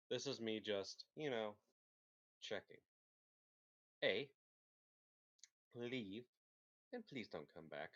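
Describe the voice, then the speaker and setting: Guy with a lowish voice playing a tabletop game, lots of umming and thinking out loud, dull muffled call audio. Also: big pitch swings, slow, long pauses. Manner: hesitant, thinks aloud.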